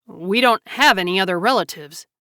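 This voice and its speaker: A woman's voice: mid-range voice, normal speed, sharp tone, no echo, studio quality. A woman reading the lines of an anxious, shaken husband in an audiobook, with an urgent, unsteady delivery.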